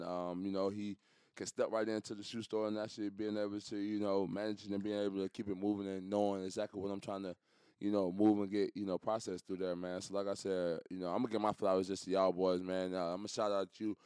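A man's voice: sits low, level tone, fast talker, darkish tone, clean tone, no echo. A young man from co-hosting a podcast in casual chat, laid-back, peppering his talk with "man" and "you know". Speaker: podcast co-host.

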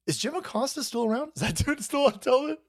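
A man's voice: extremely high pitch, lively intonation, quick pace. A man hosting a live stream, reacting to news clips with mocking, profane commentary and frequent laughter. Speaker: stream host.

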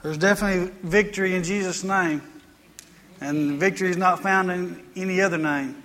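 A man's voice: sits high, steady tone, moderate pace, a bit bright, in a large hall. A man preaching a sermon as pastor, earnest and folksy, repeating phrases for emphasis.

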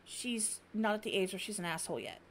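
A middle-aged woman co-hosting a stream, telling blunt, animated stories in casual chat. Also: medium pitch, fairly quick, a little hiss or hum. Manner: blunt, animated storyteller acting out her cat. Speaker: stream co-host.

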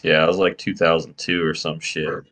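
A man's voice: very deep voice, level tone, normal speed, fairly bright tone. A man co-hosting a podcast, making blunt, crude offhand remarks. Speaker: podcast co-host. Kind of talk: casual chat.

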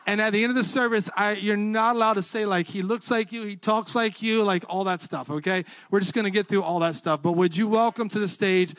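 A man's voice: high-pitched, a little fast, few pauses, a bit bright. A man, the church's pastor, welcoming the congregation and online viewers and introducing his younger brother with jokes. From North Carolina. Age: older than his brother. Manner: upbeat, joking.

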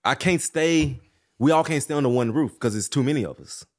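A man in his thirties from Mississippi, a former pro football player hosting a podcast and talking in a relaxed, matter-of-fact way with Southern slang. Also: medium pitch, brisk. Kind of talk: casual chat.

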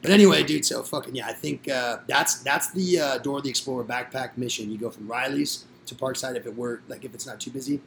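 A man's voice: medium pitch, fast, vocal fry, few pauses, a bit bright, a little hiss or hum. A young man telling rowdy, profane stories in a casual podcast chat, acting out what others said. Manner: rowdy, profane storytelling with acted-out quotes. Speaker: podcast guest storyteller.

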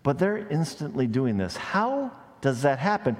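A man's voice: on the high side, very animated, normal speed, hardly any pauses. Preaching man in a reverberant hall. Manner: conversational asides with light humor. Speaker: pastor. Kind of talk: sermon. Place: church sanctuary. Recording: long reverb of a large hall.

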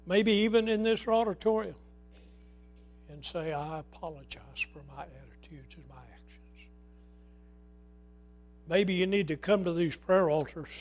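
Middle-aged male pastor with a high voice, preaching with passion and sudden drops to a hush. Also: measured pace, pauses often. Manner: impassioned, swinging from loud to hushed. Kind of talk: sermon.

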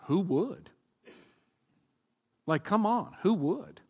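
A pastor with a raised, lively voice preaches to his congregation and keeps asking them to call out answers. His words ring out with a long hall reverb. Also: a little high, measured pace. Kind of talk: sermon.

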